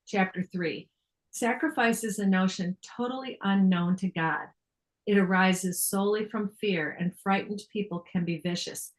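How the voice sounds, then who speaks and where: A woman's voice: medium pitch, moderate pace, low-quality recording. An older woman giving a reflective spiritual talk, reading passages aloud and explaining them earnestly, often laughing and restarting her phrases. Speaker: speaker sharing on a spiritual text.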